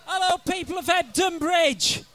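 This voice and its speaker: A man performing brash comic verse at a live gig, shouting at his listeners. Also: very high voice, measured pace, faint music behind. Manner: brash, rowdy, bellowing at listeners. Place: live music venue.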